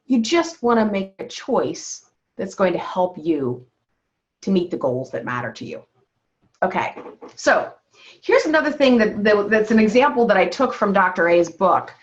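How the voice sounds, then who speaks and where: Lady health coach on a muffled video call, mid-pitched voice, keeps saying okay?. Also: sing-song, normal speed. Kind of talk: teaching a wellness call. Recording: dull lo-fi video call audio.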